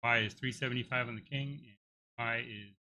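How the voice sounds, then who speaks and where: A man's voice: mid-range voice, fairly even intonation, fairly quick, bright, forceful tone. A middle-aged man with a tired throat, live coding and thinking aloud, hesitant with many restarts. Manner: hesitant, many restarts while working things out. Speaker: game developer streaming live.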